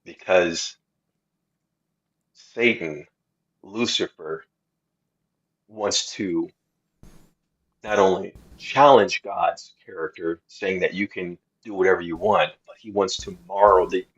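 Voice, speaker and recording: A man talking earnestly and slowly about Bible verses in a casual discussion, often restarting his sentences. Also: low voice, fairly bright tone, breathy edge, lo-fi sound. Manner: slow, earnest preaching tone with many restarts. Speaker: co-host of faith podcast.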